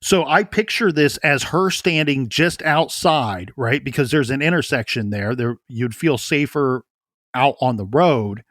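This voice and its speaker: A man's voice: medium pitch, animated, measured pace, fairly bright tone, no room sound, clean studio sound. A man co-hosting a true crime podcast, talking through a case in an earnest way and often repeating words as he thinks aloud. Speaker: podcast co-host.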